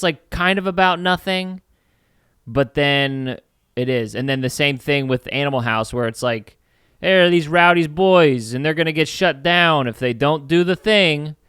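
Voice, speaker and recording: A man's voice: mid-range voice, fairly bright tone, clean tone, no echo, clean studio sound. A young man chatting casually as a podcast co-host, rambling with many fillers. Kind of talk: casual chat.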